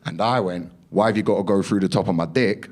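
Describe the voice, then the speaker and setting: A young man's low-pitched voice moves at a quick clip over heavy background noise. He's doing stand-up at a comedy club, delivering a punchy story full of acted-out quotes and curses.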